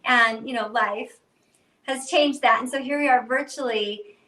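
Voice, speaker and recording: A woman's voice: a little high, unhurried, bright, forceful tone, low-quality recording. A woman cookbook author chatting casually on a livestream from home, bubbly and self-mocking. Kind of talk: casual live-stream chat. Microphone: computer, then AirPods.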